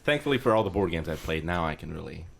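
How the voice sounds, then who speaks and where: Podcast co-host, man, deep low voice, halting casual chat. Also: expressive, creaky. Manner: halting, repeats words when starting.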